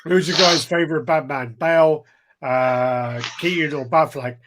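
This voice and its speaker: A man's voice: a little high, measured pace, fairly bright tone, slight background noise. A man co-hosting a casual podcast chat, telling rambling stories and laughing as he talks. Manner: rambling storyteller, laughs a lot. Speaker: podcast co-host.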